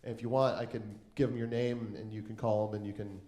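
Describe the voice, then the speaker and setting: Standup guy doing a gruff older comic, low mumbly offhand voice, roomy sound. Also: level tone, fast talker, warm tone, close to an everyday voice. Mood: casual offer. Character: gruff veteran male comedian, blunt, gruff but helpful.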